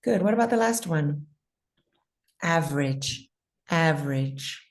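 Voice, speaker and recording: A woman teaching pronunciation in an online class, patiently modeling words slowly and repeating them. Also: sits low, animated.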